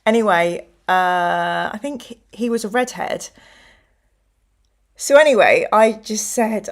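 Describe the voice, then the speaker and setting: A woman's voice: mid-range voice, measured pace. A middle-aged woman hosts a show, chatting casually and telling stories in which she acts out other people's voices. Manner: chatty storyteller who acts out quoted voices. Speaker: host. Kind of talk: casual chat.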